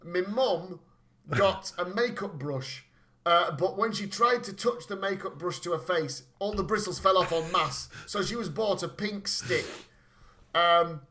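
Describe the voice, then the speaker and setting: A man's voice: high-pitched, a little slow. A man telling funny family stories in casual chat, swearing freely and laughing as he talks. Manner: animated storyteller, swears freely, laughs while talking.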